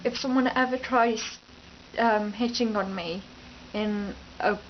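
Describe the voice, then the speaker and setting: In a slow, steady, medium-pitched voice, a young East Midlands woman rambles chattily to her camera at home, unscripted and frequently interrupting herself. The camera mic gives a lo-fi sound with slight background noise.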